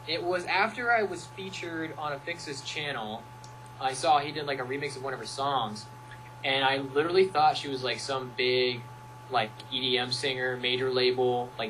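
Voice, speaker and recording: A young man with a bright, forward voice talks loosely and playfully, jumping into little impressions as he tells stories. He is chatting over a home setup, and a faint electrical hum sits under the voice. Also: medium pitch, rough recording. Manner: playful, rambling storyteller who acts out quotes. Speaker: music producer guest. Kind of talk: casual chat.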